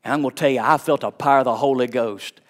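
A middle-aged man, a pastor preaching a sermon with personal stories, fervent and swinging from hushed tones to shouts. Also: medium pitch, fast. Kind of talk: sermon with storytelling.

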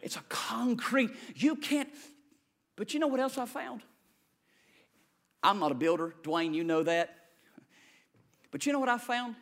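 A male preacher giving a sermon, swinging between loud shouted lines and quiet low asides. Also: very animated, measured pace, long pauses. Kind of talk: energetic sermon.

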